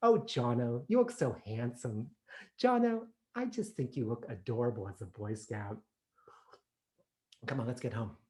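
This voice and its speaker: A doting mother voiced by a man coos over her boy in a hushed, fond voice. She keeps it quiet and a little lower than the teller's own voice, with no hard edges. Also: animated, unhurried, natural voice. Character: doting soft-spoken mother fussing over her son.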